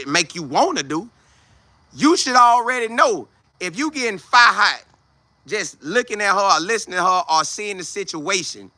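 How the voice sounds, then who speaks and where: A young man hosting a podcast, giving preachy, animated commentary in a casual way. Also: high voice, no echo. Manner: animated, preachy, acts out scenes in put-on voices. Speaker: podcast host.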